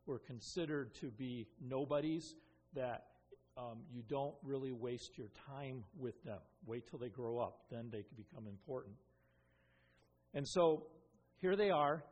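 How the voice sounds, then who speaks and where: A pastor giving an earnest expository sermon, with frequent ums and restarts. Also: male voice, medium pitch, breathy edge, dull audio. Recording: long reverb of a hall.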